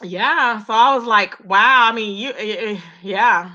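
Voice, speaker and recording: A woman's voice: mid-range voice, measured pace, pushed and bright, muffled recording. A woman talking casually to her viewers in a gossip vlog, repeating herself and calling them "child" and "y'all". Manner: chatty, repetitive, addresses viewers as "child" and "y'all". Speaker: YouTube commentator.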